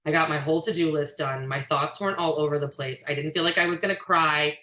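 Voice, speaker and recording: A woman with a lowish, forceful voice speaks candidly and emphatically to her team, sprinkling in filler words and occasional swearing. The sound comes through an echoey room. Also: fairly even intonation, fast. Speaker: direct-sales team trainer. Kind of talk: casual motivational talk.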